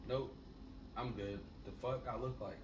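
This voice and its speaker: A man co-hosting a casual podcast, telling stories in a laid-back, profane way that gets loud when he is excited. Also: medium pitch, brisk, lo-fi sound. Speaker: podcast co-host. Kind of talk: casual storytelling chat. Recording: echoey room, mic at a distance, noisy.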